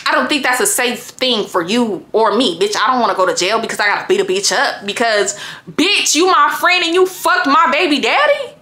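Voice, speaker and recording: A young adult woman telling a personal story in a heated, profane, animated way on her casual vlog. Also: on the high side, fairly quick, echoey room.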